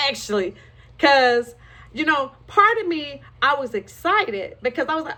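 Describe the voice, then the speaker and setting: A woman's voice: sits high, big pitch swings, measured pace, sharp tone. A woman frankly and emotionally telling her own life story, with rueful laughs along the way. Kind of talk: candid personal testimony.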